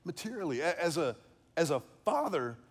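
A man's voice: a little high, very animated, moderate pace. A middle-aged man giving an earnest faith-based teaching on fatherhood, often repeating and restarting words. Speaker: preacher on fatherhood.

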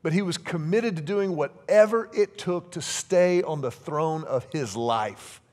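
A middle-aged man preaching a sermon to a congregation, animated and joking, drawing them in with questions. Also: a little high, unhurried, hardly any pauses. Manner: animated, joking, asks the congregation to call out answers. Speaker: pastor.

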